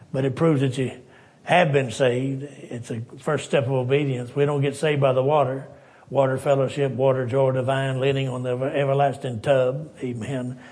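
An older man preaching a sermon, telling folksy stories and acting out the voices, building up to shouting. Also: mid-range voice. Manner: folksy storytelling, acts out voices, rises to shouting. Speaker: pastor.

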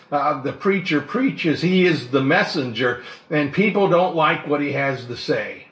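A man's voice: on the high side, fairly bright tone, echoey room. A male pastor preaching a sermon in a conversational way, often asking the congregation questions.

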